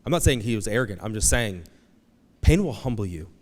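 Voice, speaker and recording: A man preaching a conversational, animated sermon as pastor, acting out quoted voices. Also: on the low side, fairly quick. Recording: long hall reverb.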